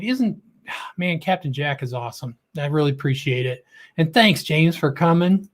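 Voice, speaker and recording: A talkative middle-aged man runs a casual livestream, greeting each viewer by name as it comes up. His voice sits a touch higher than most men's, and his delivery stays loose, goofy and friendly in tone. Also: animated, moderate pace. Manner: chatty, calls out viewers' names with a lift; joking and goofy. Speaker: livestream host.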